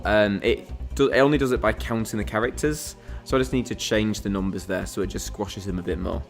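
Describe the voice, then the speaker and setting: A man hosting a quiz game on a live stream, chatting casually and rambling with lots of fillers and restarts. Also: medium pitch.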